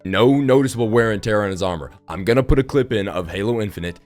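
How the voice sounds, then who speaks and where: A man's voice: fairly low pitch, quick pace, darkish tone, soft background music. A young man giving casual, sarcastic spoken commentary, who swears freely while riffing on his opinions. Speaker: gaming video creator.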